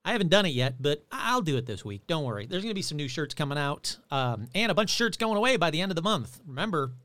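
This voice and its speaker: A man hosting his own podcast in a chatty, rambling way, reading out shout-outs and plugs. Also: on the high side, fast, no room sound. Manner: chatty, rambling, animated delivery. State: losing his voice. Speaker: podcast host. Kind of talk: casual podcast chat.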